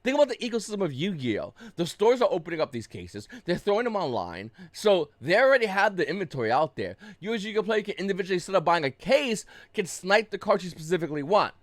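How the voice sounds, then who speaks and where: A man's voice: sits high, very animated, fast talker, hardly any pauses, no room sound. A young adult man giving casual market commentary on camera, blunt and profane, flaring up into agitated rants. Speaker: YouTube card game market commentator.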